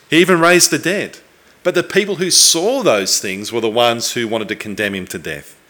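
A man preaching a sermon, earnest and reflective, with thoughtful pauses and the odd restart. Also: mid-range voice, sharp tone.

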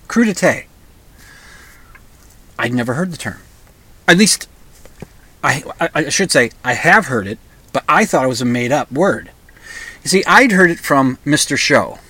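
A man's voice: fairly high pitch, lively intonation, unhurried, long pauses, sharp tone, husky, no echo. Middle-aged man, casual comedic monologue host, loose and digressive, stumbles and restarts as he talks. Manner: digressive, with frequent restarts and repeated words.

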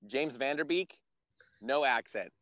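A man's voice: medium pitch, animated, unhurried, fairly bright tone, no room sound, highs cut off. A man co-hosting a podcast, joking and teasing the guest. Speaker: podcast co-host. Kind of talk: casual chat.

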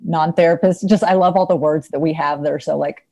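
A woman's voice: sits low, fairly even intonation, a little fast, dark tone. A woman who is a therapist, talking casually in an interview, chatty with frequent laughter and lots of fillers. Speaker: therapist, podcast guest.

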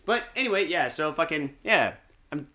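Man, podcast host, from Michigan, bright lively voice, profane loose rambling, tipsy. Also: on the high side, normal speed. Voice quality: profane, loose and jokey, lots of fillers. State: day drinking. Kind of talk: casual rambling podcast chat.

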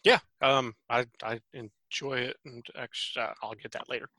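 A man hosting a podcast in casual chat, giggling a lot and filling pauses with hesitant "uh"s and "um"s. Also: medium pitch, steady tone, pushed and bright, dry recording. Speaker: podcast host.

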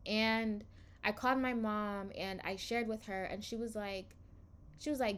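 A young adult woman hosting a devotional podcast, reading scripture and then teaching in an earnest, reflective way with slow pauses. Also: medium pitch.

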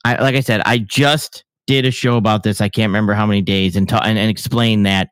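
A man's voice: fairly low pitch, steady tone, brisk, a bit bright, clean tone, no echo. Earnest stammering male co-host. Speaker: podcast co-host. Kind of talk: live-stream podcast chat.

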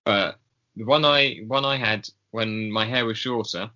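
With a fairly low pitch and a pushed, bright delivery, this man co-hosts a relaxed podcast chat at a measured pace. He meanders, ums often and chuckles, all captured in a dull lo-fi recording.

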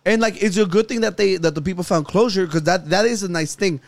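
A man's voice: high-pitched, no echo. A man co-hosting a casual podcast chat, profane and mocking as he rants about celebrities. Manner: profane, mocking, quick to rant. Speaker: podcast co-host.

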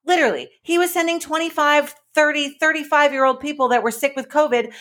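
A woman's voice: sits high, fast, fairly bright tone. A woman co-hosting a casual political podcast, trading sarcastic, profane banter. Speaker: podcast co-host.

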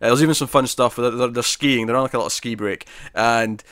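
A man's voice: medium pitch, fairly even intonation, a little fast, fairly bright tone, no room sound. Guy on a podcast rambling along, lots of uhs and likes, dry close mic. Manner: rambling, lots of fillers and restarts. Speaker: podcast co-host reviewing comics. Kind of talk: casual chat.

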